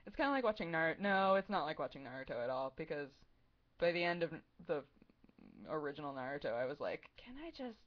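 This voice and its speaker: A woman in her twenties talks casually to her stream chat, rambling and giggling, with "like" and "um" scattered all through. Her voice sits a little low for a woman. The sound is dull and lo-fi, like a home webcam stream. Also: animated, brisk. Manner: rambling, giggly, heavy use of "like" and "um". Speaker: streamer answering chat questions.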